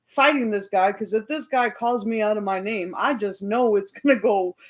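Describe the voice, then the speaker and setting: A woman hosting a livestream, loudly and heatedly retelling an argument in casual talk. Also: medium pitch, normal speed, poor audio. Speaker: livestream host.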